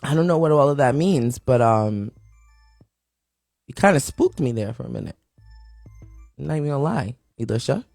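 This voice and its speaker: Raspy-voiced woman hosting a chatty live show. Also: low voice, dry recording. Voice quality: raspy morning voice. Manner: chatty, reads out and answers viewer comments; playful sing-song shout-outs to viewers joining. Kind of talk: casual live-stream chat.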